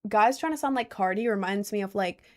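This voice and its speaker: A woman's voice: medium pitch, brisk. A young woman in her late teens chatting casually to viewers, rambling with lots of fillers and wearing headphones with a mic. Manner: chatty, many "like" fillers, laughs at herself.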